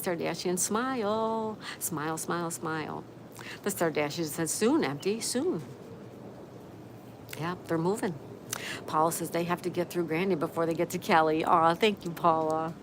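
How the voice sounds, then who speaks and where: A friendly woman hosts a casual live stream from an outdoor patio, warmly reading out viewer comments and greeting people by name. Her voice sits a little on the low side. A faint outdoor ambience hums under her talk. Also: background noise. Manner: upbeat, reads out viewer comments.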